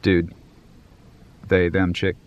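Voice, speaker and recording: A man hosting a vlog in a casual, profane rant, excitable and jumping between loud outbursts and muttered asides. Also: deep voice, takes it slowly. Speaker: vlog host.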